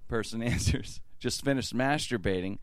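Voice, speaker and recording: A man's voice: medium pitch, moderate pace, dry recording, studio quality. A man hosting a casual podcast chat, reading funny text messages aloud and laughing at them. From Pittsburgh area. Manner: laughs while telling jokes, repeats words.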